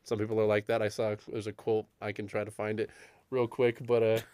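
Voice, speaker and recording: A man's voice: fairly low pitch, little pitch movement, brisk, a little mellow, clear, resonant tone. A young man co-hosting a casual chat show, telling a story and acting out the quoted lines of the people in it. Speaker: podcast co-host.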